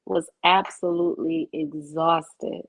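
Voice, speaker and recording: A woman, co-hosting a casual podcast chat and telling stories with animated, acted-out quotes. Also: slow, husky, no room sound. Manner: animated storyteller, voices quotes with big pitch jumps. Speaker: podcast co-host. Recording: dull lo-fi sound.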